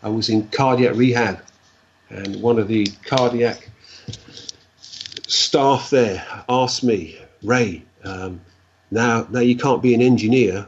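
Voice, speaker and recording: A man, a guest telling stories in a rambling, animated way and acting out the dialogue. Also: lowish voice, measured pace, husky. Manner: rambling, animated storyteller who acts out dialogue. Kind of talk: casual storytelling. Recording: dull lo-fi recording.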